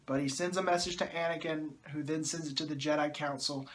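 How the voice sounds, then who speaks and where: A man gives a movie review with plenty of sarcasm and exasperated groans. His voice sits high for a man, and he keeps slipping into mocking asides. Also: fairly even intonation, a little fast, fairly bright tone.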